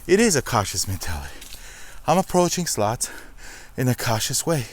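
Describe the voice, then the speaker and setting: Climbing a steep hill outdoors, a slots channel host records a casual walk-and-talk vlog, slightly winded as he goes. Chatty and reflective, he addresses viewers as guys. His medium-pitched voice swings widely in pitch at a normal speed.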